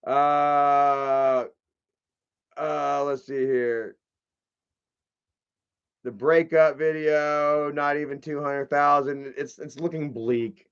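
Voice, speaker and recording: A man's voice: fairly high pitch, fairly even intonation, extremely slow, pauses often, clear, resonant tone, muffled recording. A man in a casual live stream, rambling, joking and swearing as he opens fan mail. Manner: rambling, profane and jokey.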